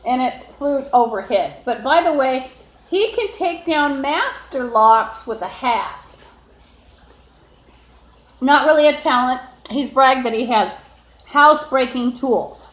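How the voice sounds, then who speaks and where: A woman's voice: high voice, slow pace, a bit bright. A woman live-streaming alone from her apartment, talking on and on with lots of fillers and restarts. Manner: meandering, with frequent fillers and restarts. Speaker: livestreamer. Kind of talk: rambling solo live stream. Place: indoors in an apartment. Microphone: phone. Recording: echoey room.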